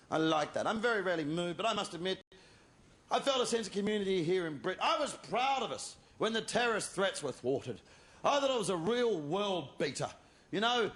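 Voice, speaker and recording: A man performing a stand-up comedy routine, telling stories with animated delivery and shouted punchlines. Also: high-pitched. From Australia. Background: audience laughter.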